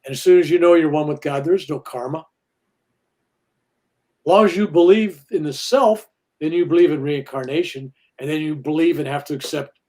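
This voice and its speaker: In a spiritual interview, an older minister speaks as a guest with a slightly high, darkish voice. He's earnest, and when telling stories he performs the voices of the people he quotes.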